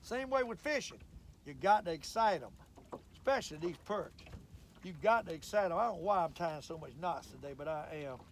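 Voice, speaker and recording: Older fishing host, high voice, rambling folksy talk from a boat, faint water noise behind. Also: male voice, animated, fairly quick. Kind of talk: casual fishing vlog monologue. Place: outdoors on a boat on a lake.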